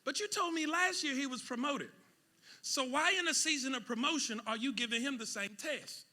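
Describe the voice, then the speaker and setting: High, bright-voiced preaching man. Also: normal speed. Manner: preaching with rising shouts and quiet asides. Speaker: pastor. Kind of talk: sermon. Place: church sanctuary with congregation.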